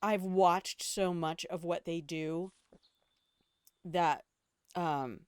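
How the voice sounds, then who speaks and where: An older woman streaming a game talks in a smooth, clear voice that sits a little low for a woman. She is blunt and opinionated, swears without a second thought, and drifts from one rambling aside to another. The sound is close and dry, with no room echo. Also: steady tone, very slow. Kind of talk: casual gameplay commentary.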